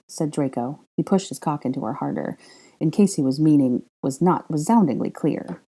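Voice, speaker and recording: A woman reads a story aloud in a measured, even narration. Her voice is low and mellow. She drops in wry asides as she goes. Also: breathy edge. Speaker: fan fiction reader. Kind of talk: audiobook narration.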